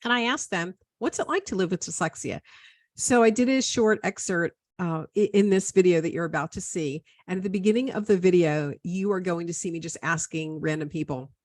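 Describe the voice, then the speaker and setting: A woman presenter introducing a video in a talk, explaining step by step in a measured way. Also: lowish voice, no echo, studio quality.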